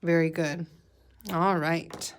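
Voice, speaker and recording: A woman's voice: low-pitched, flat delivery, slow pace, a little hiss or hum. A woman teacher leading a guided reading lesson for young children, patiently sounding out letters and words.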